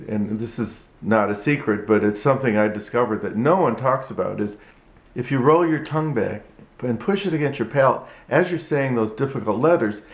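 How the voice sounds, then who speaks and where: Halting male ventriloquist teacher. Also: fairly low pitch. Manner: halting and repetitive, with frequent restarts. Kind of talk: tutorial vlog. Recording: echoey room.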